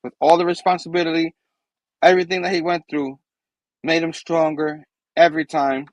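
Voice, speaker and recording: A man's voice: a little high, flat delivery, moderate pace, no room sound, low-quality recording. A man hosting a casual comic book review chat, enthusiastic and rambling. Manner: enthusiastic, rambling, acts out characters' lines. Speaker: host.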